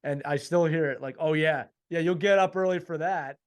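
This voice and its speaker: A man's voice: on the high side, normal speed. A man co-hosting a casual podcast chat with a wry, joking delivery. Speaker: podcast co-host.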